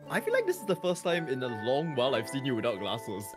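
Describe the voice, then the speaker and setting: A man with a lively, bouncing voice talks casually and laughs along with his co-host. Soft game music sits faintly in the background. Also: mid-range voice, fast talker. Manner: friendly, relaxed, laughs along. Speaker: co-streamer guest. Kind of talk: casual chat while gaming.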